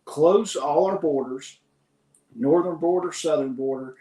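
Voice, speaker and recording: A man's voice: a little high, measured pace, warm tone. A man hosting a podcast, talking in a rambling, opinionated way with frequent restarts. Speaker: podcast host. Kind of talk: casual opinion chat. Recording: roomy echo.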